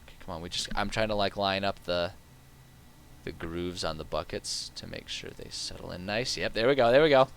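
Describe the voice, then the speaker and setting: A man's voice: low-pitched, a little fast, vocal fry, a little hiss or hum. A man streaming a game live, talking casually and rambling with lots of fillers. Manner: rambling and chatty, with many fillers.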